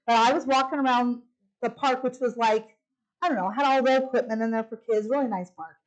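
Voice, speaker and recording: A middle-aged woman giving a personal testimony at a church women's retreat, animatedly acting out the quoted lines. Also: rough recording. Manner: animated, acts out quoted lines with big pitch jumps.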